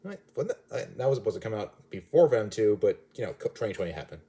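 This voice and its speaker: A man's voice: lowish voice, very animated, quick pace, dark tone. A man giving a casual, rambling movie review, often restarting and correcting himself mid-sentence. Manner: rambling, self-correcting, chatty.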